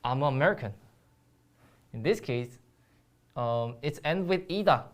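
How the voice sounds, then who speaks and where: A woman's voice: a bass voice, lively intonation, normal speed. A woman with a Korean accent teaching a Korean grammar lesson in English, explaining step by step with frequent ums and restarts.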